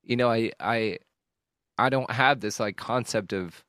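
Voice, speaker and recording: A man hosting a podcast, talking candidly and emotionally about a hard stretch, rambling and swearing with frequent halting restarts. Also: mid-range voice, fairly bright tone, clear, resonant tone, dry recording, clean studio sound. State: emotional at times. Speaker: podcast host. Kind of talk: candid personal monologue.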